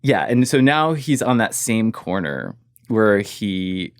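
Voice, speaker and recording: A man's voice: lowish voice, very animated, slow pace, clean tone, no echo, clean studio sound. A man, a guest in an interview, telling a personal story casually and leaning on "like" as he goes. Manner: casual, fills with "like", trails off quietly.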